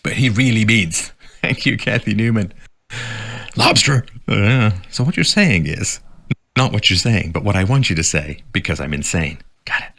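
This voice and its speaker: A man's voice: lowish voice, lively intonation, moderate pace, creaky, pushed and bright. A man giving sarcastic political commentary, reading out quotes and mocking them.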